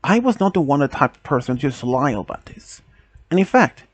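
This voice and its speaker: A man casually narrating a first-person story, halting and restarting often, with non-native phrasing. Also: on the high side, big pitch swings.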